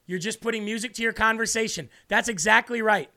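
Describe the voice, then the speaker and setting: A man's voice: sits high, brisk, sharp tone. A man hosting a livestream devotional, talking fervently and reading viewer comments aloud. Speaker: online preacher.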